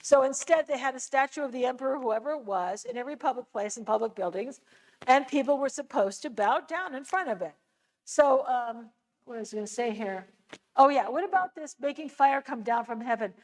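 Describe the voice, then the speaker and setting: A woman's voice: high-pitched, expressive, brisk, rough recording. An American woman giving a conversational church lecture on scripture, explaining with casual asides. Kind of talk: church adult-education lecture.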